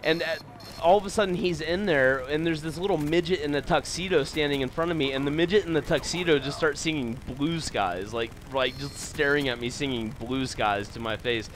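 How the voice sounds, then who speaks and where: Commentating over gameplay, this young man rambles through stories, cursing frequently and filling gaps with filler words. He speaks fairly quickly in a fairly high, slightly bright voice.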